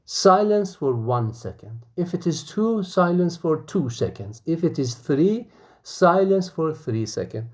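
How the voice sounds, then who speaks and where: A man's voice: a little high, big pitch swings, a little slow, darkish tone. A man lecturing, explaining a conversation and checking in with "okay?" after nearly every point. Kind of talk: university lecture.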